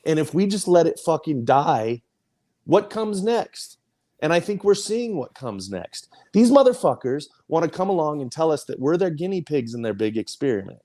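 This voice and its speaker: A man's voice: a little high, sing-song, normal speed, warm tone. A man, a podcast host, venting emphatically with lots of swearing in casual group talk. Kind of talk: heated casual chat.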